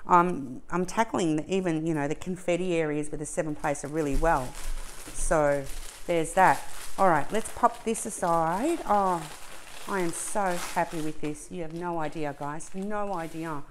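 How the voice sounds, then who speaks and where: A middle-aged woman hosts a casual crafting unboxing at home, speaking to her viewers in a gushing, openly emotional way and muttering asides to herself. Her voice sits a little on the low side. A faint noise hangs behind her. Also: moderate pace. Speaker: crafting channel host.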